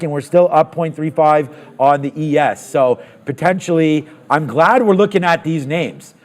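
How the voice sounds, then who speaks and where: A man on a live trading stream, commenting on the markets as prices move. He talks in a fairly high voice and thinks out loud, with lots of fillers and sudden excited asides. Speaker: trading show host.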